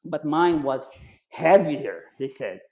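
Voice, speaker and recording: A man with a slightly high-pitched voice chats as a podcast guest. He tells stories in a loose, animated way, full of restarts, and keeps jumping up in pitch to act out what others said. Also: slow pace. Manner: animated, acts out quoted voices with jumps in pitch; loose phrasing with frequent restarts and fillers. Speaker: podcast guest, retired Navy SEAL and triathlete. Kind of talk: casual storytelling in conversation.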